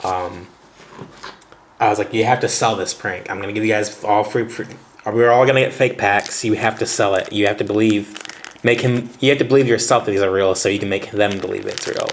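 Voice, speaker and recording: A man's voice: fairly low pitch, steady tone, brisk, a little hiss or hum. A man vlogging in a casual, rambling storytelling style while unboxing cards, chatty with lots of fillers and laughter. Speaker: vlogger and teacher.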